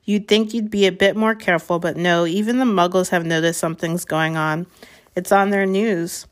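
A woman's voice: lowish voice, fairly even intonation, normal speed, natural voice. A woman reading aloud, voicing a stern, impatient middle-aged female professor in a storybook. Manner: clipped, impatient.

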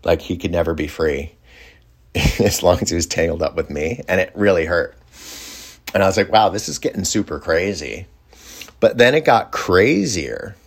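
A man's voice: deep voice, animated, normal speed. A man telling a personal story in a casual, reflective way, rambling with fillers and restarts. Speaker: storyteller recounting a personal experience.

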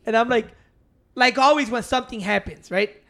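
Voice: mid-range voice, moderate pace, a bit bright. A speaker telling a rambling story in casual chat, swearing and acting out what others said.

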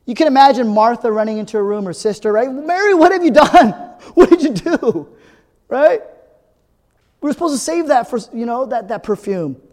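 A man's voice: very high-pitched, a little mellow, long reverb tail. A male pastor preaching a sermon in a conversational way, often asking "right?", and building to emphatic repeated phrases. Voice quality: earnest, builds to emphatic repetition. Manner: conversational, frequent tag "right?".

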